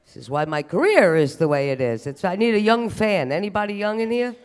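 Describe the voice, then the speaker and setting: Stand-up comedian, man, self-mocking set on stage, fairly high, lively voice. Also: fairly quick, clear, resonant tone. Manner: animated, self-deprecating delivery. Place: live comedy stage at a museum event.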